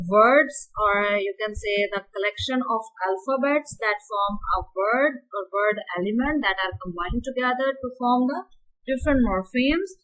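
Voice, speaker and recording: A woman giving a university lecture, explaining slowly and repeating key words and examples. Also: a little high, a bit bright, low-quality recording.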